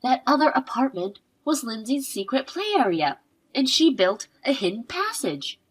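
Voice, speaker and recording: A woman narrating a scripted story in a measured, expressive way. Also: high voice, slightly rough. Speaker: narrator voicing the wife.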